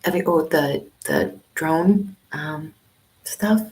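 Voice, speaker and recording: A woman over fifty talks in a hushed whisper on a casual livestream, rambling and chatty. Her low voice stays soft because she is speaking from a small library study room with people on either side. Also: slow, low-quality recording. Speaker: vlogger doing a livestream.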